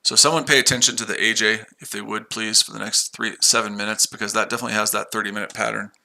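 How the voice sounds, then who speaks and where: A man's voice: lowish voice, flat delivery, quick pace, vocal fry, bright, forceful tone. A man hosting a live trading stream, talking loosely and offhandedly, with frequent restarts. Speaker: livestream trading host. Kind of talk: casual live-stream chat.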